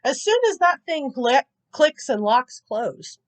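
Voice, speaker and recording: Young woman, high voice, casual storytime vlog, chatty and rambling, amused. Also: slow pace. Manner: rambling, chatty, full of "like" and "you know"; amused, animated retelling. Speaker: gaming YouTuber telling a storytime.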